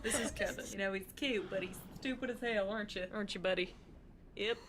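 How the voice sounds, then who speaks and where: A woman streamer giving casual, chatty reaction commentary with quick exclamations. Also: medium pitch, over a noisy crowd.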